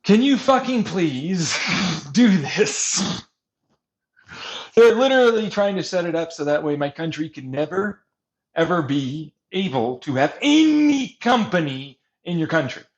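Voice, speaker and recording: A man's voice: on the high side, moderate pace. A man in a casual, rambling rant, swearing often and laughing between points. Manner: profane, laughing, animated ranting.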